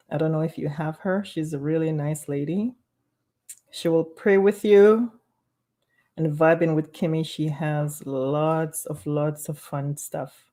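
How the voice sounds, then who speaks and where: A woman's voice: sits low, dark tone. A woman hosting a casual live stream from home, reading viewer comments aloud and laughing often. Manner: laughs often, bubbly and chatty.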